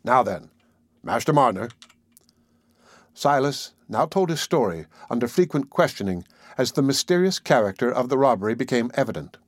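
A man reading a classic novel aloud as an audiobook narrator, measured and deliberate. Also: mid-range voice, sing-song, no room sound, studio quality.

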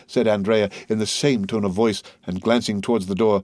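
A man narrating a classic novel in a steady, formal reading manner. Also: on the low side, moderate pace, few pauses, dry recording. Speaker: audiobook narrator. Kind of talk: literary audiobook narration.

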